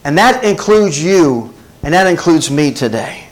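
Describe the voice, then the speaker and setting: A man delivers a sermon in a slightly high voice. He preaches with call-and-response asides to his congregation. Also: very animated, measured pace, low-quality recording. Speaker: pastor.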